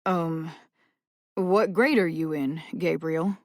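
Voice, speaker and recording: A woman voicing a hesitant, polite adult man meeting a family, with a gravelly low voice. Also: slow pace, no room sound, clean studio sound.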